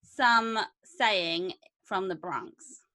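A woman's voice: mid-range voice, very slow, pushed and bright. A woman with a South London accent co-hosting a casual chat, chatty and laughing. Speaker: co-host.

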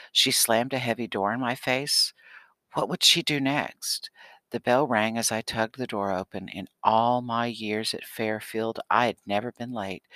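A man reading a children's novel aloud in a steady, expressive voice. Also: medium pitch, dry recording. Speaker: audiobook narrator. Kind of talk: scripted audiobook narration.

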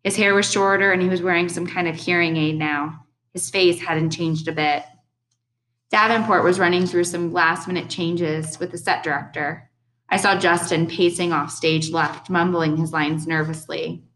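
A young adult woman reading a first-person audiobook in a steady, earnest storytelling manner. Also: lowish voice, moderate pace, a little hiss or hum, low-quality recording. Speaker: audiobook narrator.

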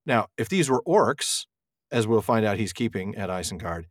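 A man's voice: fairly low pitch, normal speed, no room sound, clean studio sound. A man hosting a book podcast, chatting casually and joking, laughing often. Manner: jokey, animated, laughs often. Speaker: podcast host reading the book. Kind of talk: casual chat.

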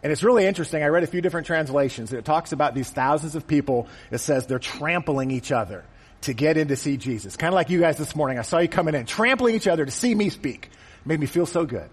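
Joking pastor in a reverberant church hall. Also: male voice, on the high side, expressive, fast, slightly rough. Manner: conversational and joking, acts out quotes. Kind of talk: sermon. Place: church auditorium.

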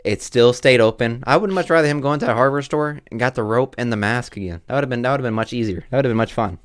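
A man's voice: medium pitch, quick pace, no room sound, clean studio sound. A young man co-hosting a podcast, casual and emphatic, swearing freely and acting out characters. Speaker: podcast co-host. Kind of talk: casual movie discussion.

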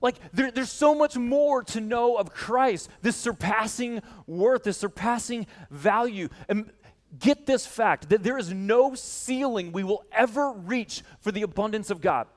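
A man preaching a sermon to a congregation, telling a story with lively energy and addressing his listeners directly. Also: high voice, a little slow, long reverb tail. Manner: animated storytelling, speaking straight to the congregation. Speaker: pastor. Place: church hall.

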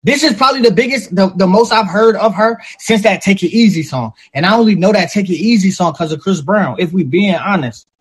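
A man with a fairly high, husky voice holds forth in casual podcast chat. He is animated and profane, slipping into quick acted-out quotes as he makes his case.

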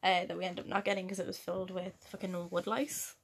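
A woman's voice: on the low side, fast, gravelly, breathy edge. A young woman, co-hosting a casual chat and telling stories with frequent laughter. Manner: laughs often, animated storytelling. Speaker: podcast co-host.

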